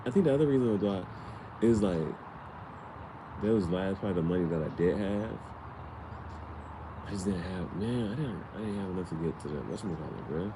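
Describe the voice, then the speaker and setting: A man with a very deep, low voice rambles in a relaxed, slangy way, thinking out loud as he talks. He is sitting outside, and the recording is noisy, with outdoor sound and passing traffic clearly audible behind him. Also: a little fast, long pauses. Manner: laid-back, slangy, musing aloud. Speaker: vlogger. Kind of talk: rambling casual monologue. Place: outdoors, sitting in a chair in the sun and wind.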